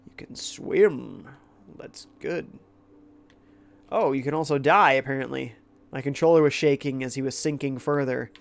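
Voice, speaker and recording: A man's voice: medium pitch, unhurried, creaky. Stuffy-voiced man streaming a game. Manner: laid-back, reads chat aloud. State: congested from a cold. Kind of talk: casual gameplay commentary.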